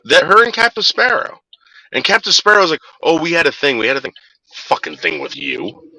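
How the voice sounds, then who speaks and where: A man's voice: fairly high pitch, wildly swooping pitch, brisk, sharp tone, no room sound, poor audio. A man ranting angrily and cursing in a casual livestream chat, repeating names and stammering when worked up. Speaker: livestream co-host.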